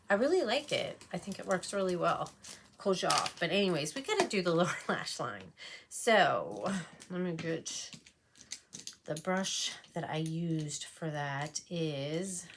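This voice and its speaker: A woman's voice: fairly low pitch, fairly bright tone, slight background noise. A woman beauty vlogger chatting casually and rambling while doing her makeup. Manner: chatty, rambling, with frequent fillers. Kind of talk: casual makeup tutorial chat.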